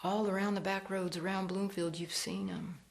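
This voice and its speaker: A woman storyteller performing a ghost story, slow and hushed, dropping to whispers. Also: medium pitch, fairly even intonation, vocal fry.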